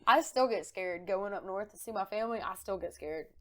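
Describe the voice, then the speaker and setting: A woman co-hosting a podcast, telling rambling, animated anecdotes in casual chat. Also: mid-range voice, brisk. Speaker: podcast co-host.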